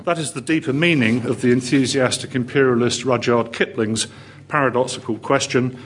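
A man giving a formal history lecture to an audience, measured and with dry wit. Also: mid-range voice, fairly even intonation, a bit bright, breathy edge. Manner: measured, dry wit, read from a prepared text. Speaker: guest lecturer, history professor. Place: lecture hall.

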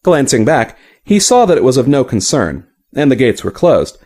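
Brief: male audiobook narrator, expressive, animated pitch, mid register. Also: moderate pace. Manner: expressive storytelling reading.

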